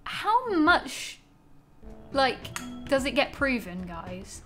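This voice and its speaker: A woman's voice: high-pitched, sing-song, drawn-out words, pushed and bright, faint music behind. A young woman giving casual gameplay commentary, exasperated, swearing often and talking to herself. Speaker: gaming channel host.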